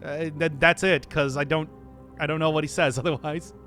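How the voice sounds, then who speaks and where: A man's voice: fairly high pitch, fairly even intonation, normal speed, a bit bright, soft background music. A male streamer chatting casually and playfully with his audience, laughing often. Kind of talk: casual live-stream chat.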